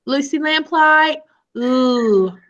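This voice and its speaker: A woman teaching a live online phonics lesson to young children over a video call, sounding out letters in a slow sing-song way. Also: high voice, fairly bright tone, lo-fi sound.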